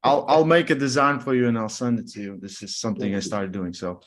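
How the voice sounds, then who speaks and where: A man's voice: fairly low pitch, steady tone, quick pace. A man guest on an armwrestling chat show, telling stories playfully and laughing often. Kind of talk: casual chat.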